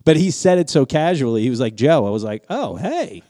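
A man telling a story on a podcast, animated and swearing a lot, his voice jumping high when he gets excited. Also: fairly quick, no echo, clean studio sound. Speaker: podcast co-host. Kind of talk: casual chat, storytelling.

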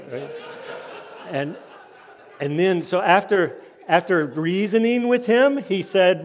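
A man in his fifties giving a conference sermon, telling personal stories with lively rises and drops in his voice. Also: high voice, moderate pace. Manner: lively storytelling, voice rising and dropping with the tale. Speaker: conference speaker. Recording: long hall reverb.

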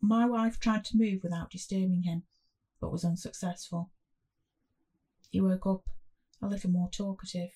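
Woman storyteller, husky and dark-toned, slow measured read. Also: medium pitch, steady tone. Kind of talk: first-person story narration.

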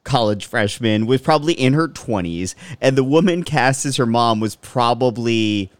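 A man's voice: mid-range voice, animated, normal speed, clean tone, dry recording. A man co-hosting a podcast, adding wry comments in a casual movie chat. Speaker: podcast co-host.

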